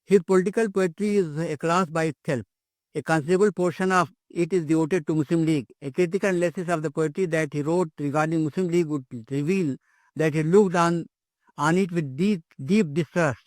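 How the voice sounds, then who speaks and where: A man's voice: a little high, brisk, a little mellow, no echo. An older man giving an academic lecture, hesitant, with many fillers and repeated words.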